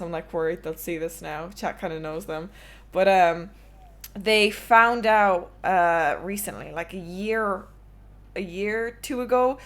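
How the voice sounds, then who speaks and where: Candid young woman telling stories. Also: fairly low pitch. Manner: candid, swearing, storytelling with laughs. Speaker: streamer, podcast host. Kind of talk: casual podcast chat.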